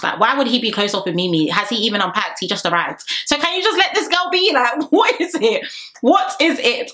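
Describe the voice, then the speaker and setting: A woman's voice: mid-range voice, sharp tone. A young woman recapping a reality show episode in a chatty, gossipy way, imitating the cast and laughing often. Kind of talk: casual chatty episode review.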